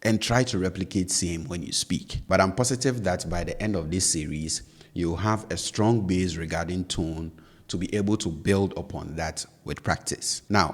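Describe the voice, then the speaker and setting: A man teaching a language lesson, patiently explaining and repeating example words with exaggerated pitch. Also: in a large hall.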